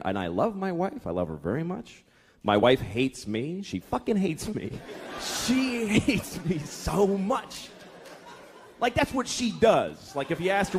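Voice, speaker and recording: A man's voice: fairly high pitch, huge pitch swings, normal speed. A man doing a profane stand-up comedy routine, acting out characters in shifting voices. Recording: live club with crowd and faint noise.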